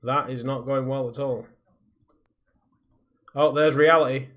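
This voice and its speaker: A man's voice: medium pitch, steady tone, measured pace, a bit bright. A man live streaming from a soundproofed home recording room, rambling in casual chat and reading viewer comments aloud. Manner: rambling, reads viewer comments aloud, skims text with "blah blah".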